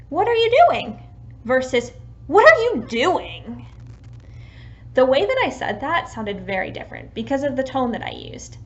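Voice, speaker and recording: A woman giving patient, clear tips in an instructional video on talking with young children. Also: sits high, muffled recording, a little hiss or hum. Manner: patient, clear explaining with lively sample phrases. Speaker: early childhood educator.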